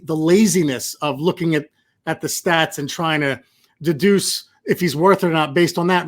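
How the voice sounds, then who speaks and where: A man who is a guest on a sports podcast, arguing heatedly and asking rhetorical questions. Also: fairly high pitch. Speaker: podcast guest, team insider. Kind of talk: casual sports podcast chat.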